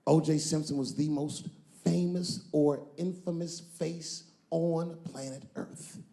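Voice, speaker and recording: A male comedian telling a long story on stage, moving between loud punchlines and low, drawn-out asides. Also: steady tone, creaky, echoey room. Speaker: stand-up comedian.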